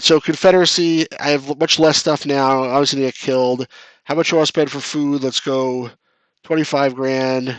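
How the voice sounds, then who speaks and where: Man, retro game streamer, chatty live commentary, mid-pitched, dry close sound. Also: fairly bright tone, clear, resonant tone, no room sound. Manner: chatty, reads chat aloud, jokes at his own losses.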